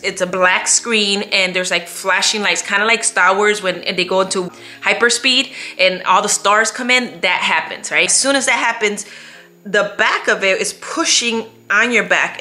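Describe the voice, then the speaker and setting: A woman tells a story to her viewers in a bright, forceful voice. She is animated and expressive, and she laughs often as she talks from home. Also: mid-range voice. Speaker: vlogger. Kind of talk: storytime chat to camera.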